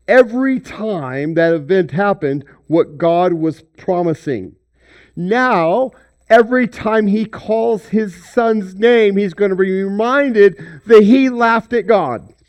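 A male pastor delivering a sermon at an unhurried pace. His voice sits a bit high for a man. He rises to loud emphasis, then drops to hushed, almost whispered lines. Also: dull audio. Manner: animated preaching, swinging between loud emphasis and hushed near-whispers.

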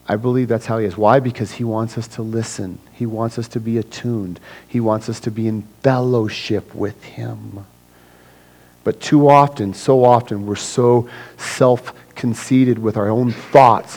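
A male pastor delivers a sermon in a relaxed, conversational style, often dropping to a quiet aside. He jumps into playful impressions of church members, his voice leaping up high and loud. His pitch sits in the middle range for a man. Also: moderate pace, poor audio. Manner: conversational preaching, acts out voices of people with big swings in pitch and loudness.

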